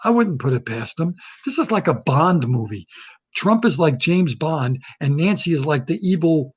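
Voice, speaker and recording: Guy ranting into his webcam, husky voice kinda high, gets all worked up and repeats stuff. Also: lively intonation, moderate pace. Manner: heated, repetitive, indignant ranting. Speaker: comedic ranter. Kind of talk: satirical political rant to camera. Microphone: webcam or laptop camera.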